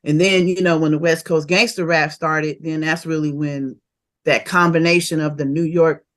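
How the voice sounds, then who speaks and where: A woman, a rapper telling stories of her early career in a casual interview, animated and quick to laugh. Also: sits low. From Oakland, California. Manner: animated and laughing, fast bursts of memories.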